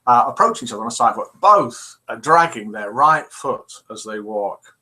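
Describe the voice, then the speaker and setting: A man's voice: mid-range voice, expressive, normal speed, bright, forceful tone. An older man hosting a live chat stream, reading out viewers' messages in a chatty, self-deprecating way with many "uh" fillers. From England. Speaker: host of a live chat show.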